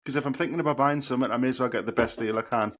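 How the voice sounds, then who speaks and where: A man's voice: mid-range voice, very fast. A man co-hosting a podcast, casual and dryly teasing. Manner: dry teasing banter. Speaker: podcast co-host. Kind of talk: casual chat.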